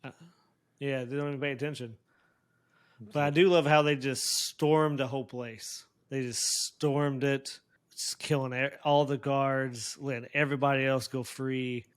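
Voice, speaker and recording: A man's voice: medium pitch, flat delivery, unhurried, smooth. A man co-hosting a casual episode review, rambling with restarts and laughing often. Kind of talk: casual chat.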